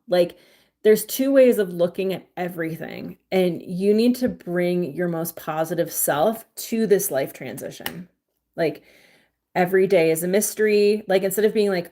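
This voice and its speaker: A woman's voice: fairly low pitch, a little mellow. Chatty young woman reading tarot live. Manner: chatty, filler-heavy with frequent "like" and "um", affectionate to viewers. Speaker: livestream tarot reader and crystal seller. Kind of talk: casual livestream chat and tarot reading.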